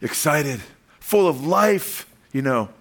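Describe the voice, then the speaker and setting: A man with a notably high voice delivers an emphatic sermon. He presses loudly on key phrases and then drops into quiet asides. He checks in with the congregation as he goes. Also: lively intonation, slow pace. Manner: emphatic preaching, calls out "amen?" to the congregation; swings between loud stressed lines and quiet dropped asides. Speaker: pastor.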